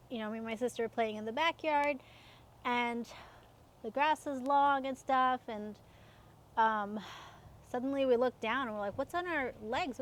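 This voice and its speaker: A woman in her thirties telling personal stories in a casual, chatty way, laughing often and using many fillers. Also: a little high. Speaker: self-help coach.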